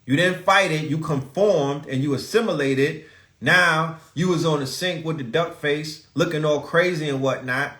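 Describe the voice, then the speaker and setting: A man's voice: a little high, normal speed, fairly bright tone. Preachy, profane man in an echoey room. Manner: profane, preachy, rhetorical questions. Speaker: podcast host. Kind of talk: live-stream rant.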